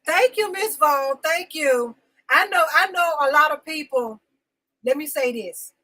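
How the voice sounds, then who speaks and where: In a low-quality recording, a high-pitched, expressive woman speaks without hurry, her voice pushed and bright. Hosting a live talk show segment, she vents with feeling, greeting viewers by name and repeating phrases insistently for emphasis in this live-stream rant.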